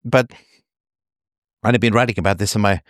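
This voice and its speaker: A man's voice: lowish voice, normal speed, no echo, clean studio sound. A man, an author, talking at length in a conversational interview, emphatic and digressive with a slightly sardonic edge.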